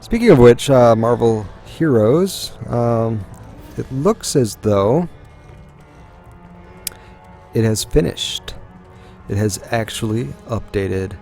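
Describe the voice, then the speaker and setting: Gravelly, slow-talking gamer guy. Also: mid-range voice, animated, dark tone, faint music behind. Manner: rambling, musing aloud with frequent ums. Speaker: let's play host. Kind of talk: gaming commentary.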